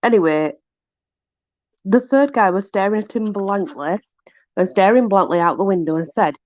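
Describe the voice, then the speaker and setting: A woman's voice: medium pitch, animated, normal speed, pauses often, a little mellow, no echo, dull audio. A woman casually reading aloud from a book to her viewers, amused and puzzled, laughing often. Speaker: vlogger.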